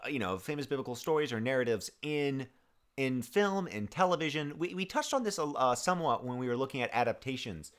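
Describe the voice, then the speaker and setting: A man in his thirties co-hosts a casual conversation, often stopping to restart his sentences and leaning on fillers. His pitch rises and falls freely as he wanders through his thoughts. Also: expressive, smooth. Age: 30s. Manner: rambling, halting with many restarts and fillers. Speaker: podcast co-host. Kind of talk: casual chat.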